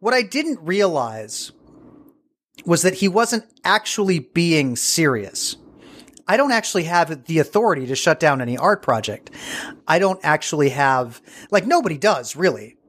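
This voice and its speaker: A man's voice: on the high side, very animated, normal speed, a bit bright. A man as an interview guest, telling a story casually and digressively, searching for words as he goes.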